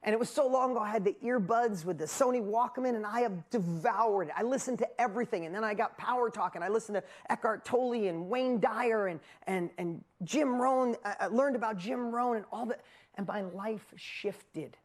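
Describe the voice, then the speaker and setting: Fired-up motivational speaker, a man. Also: high-pitched. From upstate New York, US. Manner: animated and emphatic, with self-mocking asides and fast bursts. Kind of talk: energetic motivational storytelling to a live audience.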